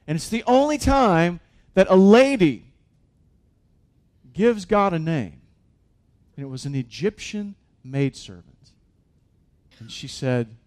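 Earnest man preaching a sermon, slightly high voice. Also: lively intonation, slow, pauses often, a little mellow. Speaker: pastor.

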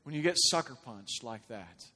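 A man preaching a sermon, shifting from quiet, conversational talk to loud, impassioned urging. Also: mid-range voice, lively intonation, normal speed. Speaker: pastor. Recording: long reverb of a large hall.

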